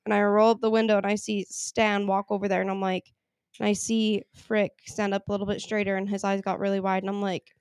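A woman's voice: medium pitch, level tone, brisk, darkish tone, clear, resonant tone, no echo. A woman on a podcast telling a chatty anecdote in casual talk, laughing now and then. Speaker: podcast co-host. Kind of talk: casual storytelling chat.

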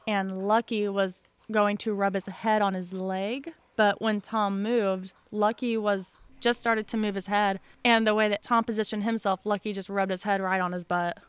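A woman's voice: medium pitch, steady tone, moderate pace, hardly any pauses, clear, resonant tone, no echo. A woman co-hosting a podcast over a call, chatting casually and making dry, teasing asides. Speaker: podcast co-host. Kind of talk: casual chat. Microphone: remote call.

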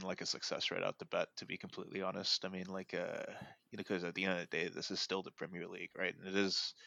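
A man's voice: low-pitched, gravelly, bright, forceful tone, no room sound. A man hosting a casual sports podcast, rambling and thinking aloud with lots of fillers. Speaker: podcast host.

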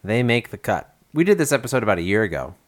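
A man opens a casual science podcast with wry, playful announcer delivery. His pitch rises and falls in lively swings. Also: fast. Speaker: podcast host. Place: New York.

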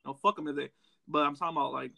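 A man's voice: fairly high pitch, steady tone, vocal fry, pushed and bright, no room sound. A man ranting heatedly and profanely in casual podcast chat. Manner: heated, profane, fast rant.

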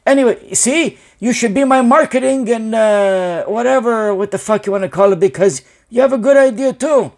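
A man's voice: extremely high pitch, moderate pace, gravelly, few pauses, darkish tone. A man voicing an anxious, rambling male business owner who speaks broken English and swears a lot.

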